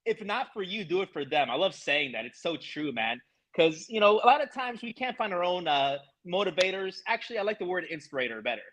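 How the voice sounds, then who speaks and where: A man with a high voice speaks emphatically and swears freely while giving motivational talk as an interview host. He keeps it casual and matey, often saying "bro" and "man". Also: very animated, a little fast, fairly bright tone, slight background noise, poor audio. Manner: emphatic, motivational, profane, calls listener bro.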